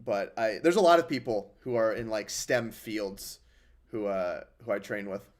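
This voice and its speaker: A man's voice: on the low side, normal speed. A young man hosting a casual livestream, rambling and sarcastic as he answers chat. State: injured hand. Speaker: livestream host.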